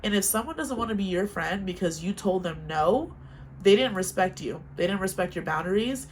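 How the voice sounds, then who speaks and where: A woman's voice: medium pitch, normal speed, slight background noise. A young woman vlogging casual advice to camera, chatty and frank, telling stories from her own life. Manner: chatty, frank, animated storytelling.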